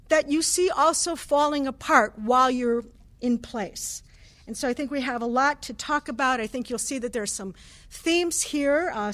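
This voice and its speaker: High-voiced woman giving a lecture. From United States. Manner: conversational academic, with fillers and restarts. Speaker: guest speaker, professor of anthropology. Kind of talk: conference lecture. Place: cathedral hall.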